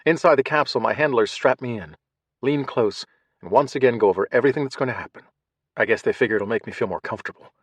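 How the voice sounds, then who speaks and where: A man reads a first-person audiobook in a measured way, hushed in some passages and tense in others. His voice sits in a mid-range pitch. The recording is dry and close, with no room sound. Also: breathy edge, no room sound. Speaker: audiobook narrator. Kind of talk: scripted first-person narration.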